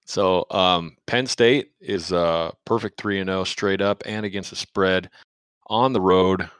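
A man's voice: sits low, steady tone, unhurried, a bit bright, clear, resonant tone, dry recording. A man co-hosting a casual sports betting podcast, joking and rambling with fillers. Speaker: podcast co-host.

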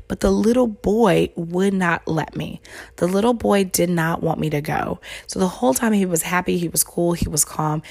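A woman hosts her podcast and tells a personal story in an earnest, heartfelt way. Her voice sits a little low and carries a gravelly fry. She rambles as she goes, with plenty of fillers, restarts and "like"s. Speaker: podcast host.

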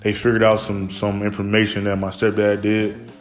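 Young adult male with a lowish voice, loose personal storyteller who rambles and restarts. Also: completely flat delivery, normal speed, soft background music. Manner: rambling, heavy on fillers and restarts. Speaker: storyteller recounting his childhood.

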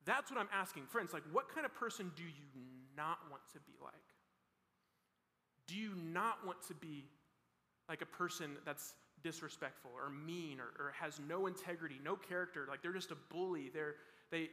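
A young man gives a youth sermon in a loose, conversational way, full of fillers and restarts. His voice sits high and bright. Long reverb from a big hall hangs behind every phrase. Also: normal speed. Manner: casual, rambling with many "like" fillers and restarts. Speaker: youth pastor. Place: large hall with a student audience.

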